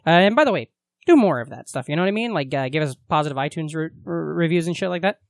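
A man's voice: fairly high pitch, lively intonation, fast talker, vocal fry, no echo. A man co-hosting a podcast in casual banter, crude and joking, rambling with lots of fillers. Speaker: podcast co-host. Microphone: handheld mic.

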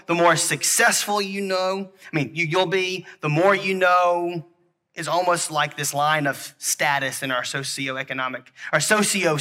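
A man preaching with a bright, forceful voice that sits a little high. He is earnest and halting, and he often repeats his words as he works through an object lesson for the children in the congregation.

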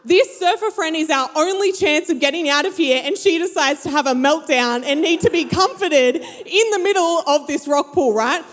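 A young adult woman tells a story to a live audience in a large hall, acting out her friends' voices. Her voice is high-pitched and moderately paced, with hardly any pauses. The recording has a long hall reverb.

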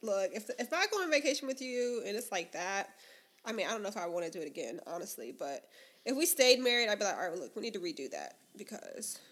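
A woman co-hosting a chatty podcast, recapping reality-show scenes in a relaxed storytelling way. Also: mid-range voice, fast talker. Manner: relaxed storytelling recap, acting out quoted lines. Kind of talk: casual chat.

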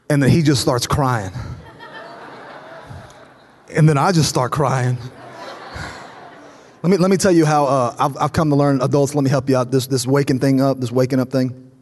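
A man's voice: mid-range voice, steady tone, moderate pace, long pauses, darkish tone. A male pastor in his thirties preaching a sermon to a church, building to fervent repetition and acting out stories with voices. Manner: storytelling, acting out dialogue. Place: large church auditorium. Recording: long reverb of a large hall.

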